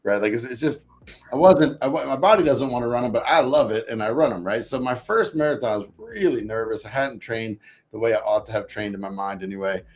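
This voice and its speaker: A man telling a personal story in a casual interview, acting out his own past thoughts with lively energy. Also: medium pitch, fast talker. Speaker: podcast guest.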